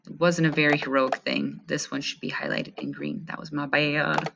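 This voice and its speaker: A woman's voice: deep voice, flat delivery, moderate pace, vocal fry, background noise. A woman teacher reading a history text aloud and stopping to comment, asking her listeners rhetorical questions in a friendly way. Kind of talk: read-aloud history lesson.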